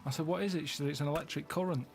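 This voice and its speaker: A man telling meandering stories in a flat, deadpan way during casual chat. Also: fairly high pitch, rapid-fire, creaky, music in the background. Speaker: regular on a comedy podcast. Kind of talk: casual chat, rambling anecdotes.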